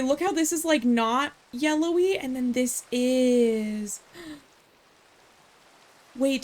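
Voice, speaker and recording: A woman streamer chatting casually while she plays a game. Her voice sits a little high, and her talk rambles, with sarcastic asides along the way. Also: darkish tone. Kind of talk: casual gameplay chat.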